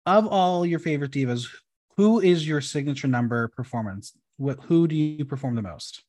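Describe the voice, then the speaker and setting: A man's voice: a little high, normal speed, darkish tone. A man hosting a podcast interview, reading out playful fill-in-the-blank prompts in an upbeat way. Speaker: podcast host.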